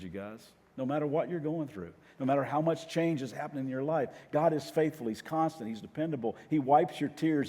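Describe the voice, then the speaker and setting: A middle-aged man preaching as a teaching pastor. He tells stories softly and earnestly, restarting phrases, and rises to loud rallying calls. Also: medium pitch. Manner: soft-spoken storytelling that swells into loud rallying calls. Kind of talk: sermon. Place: church auditorium. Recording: long reverb of a large hall.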